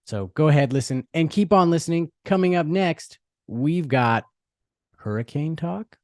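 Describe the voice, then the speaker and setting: A man's voice: on the high side, animated, moderate pace, dry recording, clean studio sound. A man in his thirties hosting a solo sports podcast, talking casually and with enthusiasm, with plenty of fillers and restarts. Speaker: podcast host.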